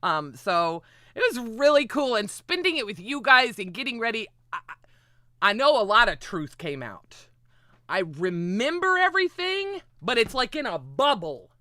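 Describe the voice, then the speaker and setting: Excitable, swearing woman streamer. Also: fairly high pitch, normal speed, dry recording, studio quality. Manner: excitable, rambling and profane. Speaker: livestream host. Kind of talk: casual stream chat.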